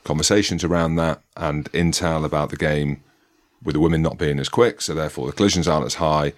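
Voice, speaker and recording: Very deep-voiced male interviewer. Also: steady tone, a little fast. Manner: rambling questions, trails off and restarts. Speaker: podcast host. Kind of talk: interview questions.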